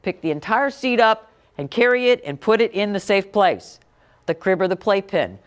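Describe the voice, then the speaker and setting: A woman's voice: mid-range voice, very animated, moderate pace. A middle-aged woman teaching a classroom about infant care, talking directly and quizzing her students. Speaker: parenting educator. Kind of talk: classroom talk.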